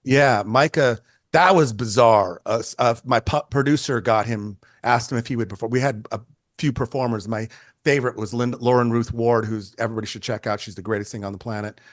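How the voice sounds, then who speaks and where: A man in his sixties talks through stories in a relaxed interview, chatty and animated, tripping over his own restarts and dropping the odd curse. His voice sits at an everyday pitch. The recording is close and dry, with no room sound at all. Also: fairly quick, dry recording. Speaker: photographer guest. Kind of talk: casual interview storytelling.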